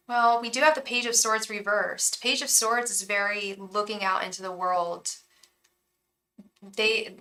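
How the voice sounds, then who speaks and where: Young woman doing a live tarot read, bright voice, rambly and emotional, lots of restarts. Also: medium pitch. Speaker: tarot reader. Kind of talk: live tarot reading, casual chat.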